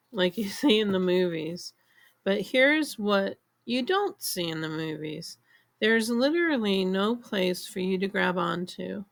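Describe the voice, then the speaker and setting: A woman narrating a novel in the first person, in measured storytelling. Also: medium pitch, creaky. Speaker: audiobook narrator. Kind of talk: scripted audiobook narration.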